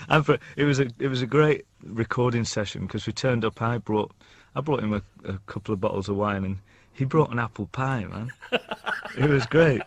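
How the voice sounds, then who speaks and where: Picture a singer from the northwest of England being interviewed, his voice sitting in an ordinary male pitch. He spins stories, tripping over his words and chuckling as he goes. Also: normal speed. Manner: chuckles often, tells anecdotes with restarts. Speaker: guest singer. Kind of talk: casual interview chat.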